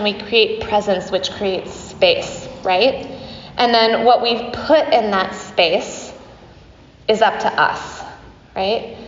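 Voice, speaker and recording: A middle-aged woman, a yoga teacher, giving a chatty dharma talk to her class, laughing often and using many fillers. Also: medium pitch. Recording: dull echoey hall recording.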